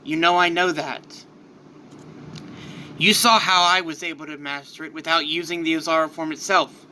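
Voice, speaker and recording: A man's voice: on the high side, fairly even intonation, normal speed, bright, forceful tone, a little hiss or hum. A man voicing an adult male warrior, an earnest and apologetic older brother. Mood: wary.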